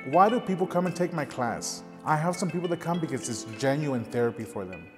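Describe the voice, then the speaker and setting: A man's voice: fairly high pitch, animated, brisk, big-room sound, over music. A middle-aged man who teaches ceramics tells earnest stories in a documentary interview. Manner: earnest, storytelling with gestures.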